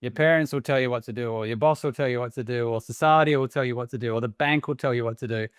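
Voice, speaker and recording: A man's voice: medium pitch, fast, smooth, dry recording, studio quality. An Australian man in his forties, a podcast guest talking earnestly and emphatically, pressing his points with repeated short phrases. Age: 40s. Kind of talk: casual podcast conversation.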